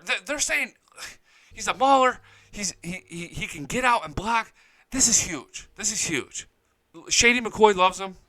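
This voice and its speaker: A man's voice: high voice, sharp tone, poor audio. A man hosting a live-streamed sports talk show, hyped and profane, jumping from topic to topic. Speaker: sports podcast host. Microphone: studio mic, close and dry.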